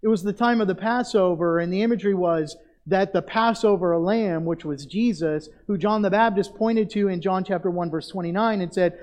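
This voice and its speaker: High-voiced man preaching emphatically. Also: darkish tone. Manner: emphatic preaching with drawn-out stressed phrases; direct address to the congregation. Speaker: pastor. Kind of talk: sermon.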